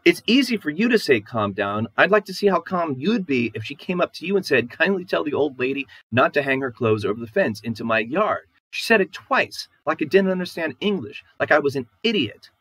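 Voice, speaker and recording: A man reading aloud and voicing a distraught young wife, shrill and aggrieved, pleading through tears. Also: very animated, fairly quick, hardly any pauses, a bit bright, husky, no echo, heavily acted, rough recording.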